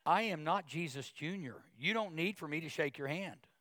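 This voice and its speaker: A male pastor preaching a sermon, talking conversationally with asides and repeated words, then rising in pitch and volume as he gets emotional. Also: expressive, moderate pace, dry recording. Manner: emotional, grows louder and higher when preaching.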